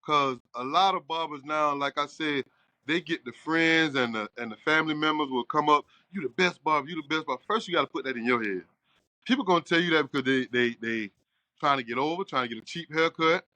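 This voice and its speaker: A middle-aged man, talking casually in his barbershop. He tells his story with animation and slips into the other people's lines as he goes. His voice sits a little high and sounds bright and forceful, recorded close and dry. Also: brisk, no echo. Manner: animated storyteller, acts out quoted dialogue. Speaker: barbershop owner.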